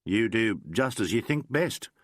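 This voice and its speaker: A man's voice: fairly low pitch, animated, a little slow, dry recording, studio quality. A man voicing an eager, deferential male police officer.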